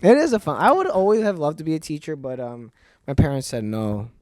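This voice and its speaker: A man's voice: on the high side, huge pitch swings, brisk, a little mellow, no echo. A man hosting a podcast in casual chat, rambling with lots of "like" and "right?" as he works through his thoughts. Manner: rambling, filler-heavy, frequent "like" and "right?". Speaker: podcast host.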